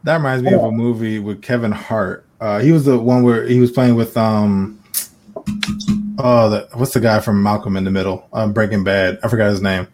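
A man co-hosting a casual podcast, joking and telling animated stories. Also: on the low side, moderate pace, faint music behind. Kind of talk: casual chat.

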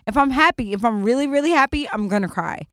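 A young woman co-hosting a podcast, telling stories in a blunt, profane and animated casual chat. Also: on the high side, fast, no echo, studio quality. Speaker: podcast co-host.

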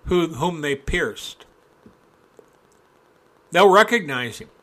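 Fiery, slow-talking male preacher. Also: on the high side, animated. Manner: impassioned, rising to loud emphatic peaks; folksy asides, reads scripture aloud. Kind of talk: sermon.

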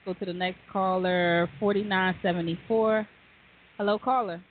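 A woman's voice: fairly low pitch, steady tone, moderate pace. A woman hosting a live radio talk show, casual and playful, laughing and teasing her guests. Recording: tinny phone-line sound, faint hiss.

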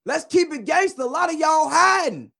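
A caller ranting emphatically on a live stream, at times shouting. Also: male voice, very high-pitched, expressive, moderate pace, gravelly. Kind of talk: heated call-in rant.

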